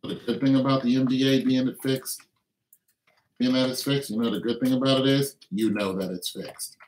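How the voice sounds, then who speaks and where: In an echoey room, a man runs a laid-back livestream at a normal speed, his tone steady and a little mellow. He rambles and jokes mockingly, breaking into laughs and putting on silly high voices.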